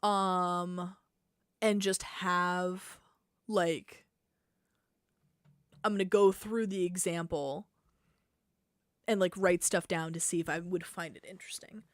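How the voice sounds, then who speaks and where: A woman streaming game design work at her computer, thinking aloud and trailing off into quiet mutters at a desk microphone, with keyboard typing behind her. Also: on the low side, fairly even intonation, slow, pauses often, no room sound, clean studio sound. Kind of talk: live-streamed coding and design talk. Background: keyboard typing and clicks.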